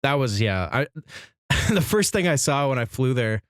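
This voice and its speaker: A man's voice: mid-range voice, sing-song, normal speed, smooth, dry recording, studio quality. A man co-hosting a podcast, laid-back, swearing casually and calling people "dude". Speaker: podcast co-host.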